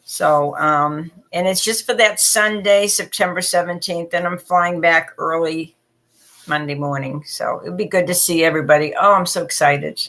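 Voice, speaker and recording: A woman's voice: on the low side, fairly even intonation, moderate pace, fairly bright tone. A middle-aged woman hosting a live stream in casual, chatty conversation. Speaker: psychic host of a live stream. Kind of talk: casual chat.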